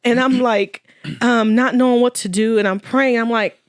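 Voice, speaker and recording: A woman's voice: on the high side, steady tone, normal speed, dry recording, clean studio sound. A woman guest in an interview telling a personal story with earnest faith and quoted dialogue. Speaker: guest, widow.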